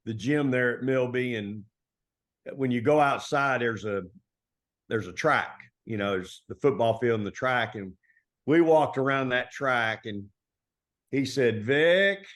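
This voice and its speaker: A middle-aged man from Texas, a basketball coach telling stories in a relaxed, folksy interview style full of colloquial turns. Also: medium pitch, a little slow. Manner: folksy, animated storytelling with Southern colloquialisms. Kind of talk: conversational storytelling interview.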